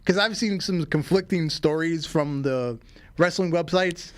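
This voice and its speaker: A man's voice: fairly high pitch, a little slow, dry recording. A man co-hosting a wrestling podcast, talking through storylines analytically and steering the chat. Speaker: podcast co-host.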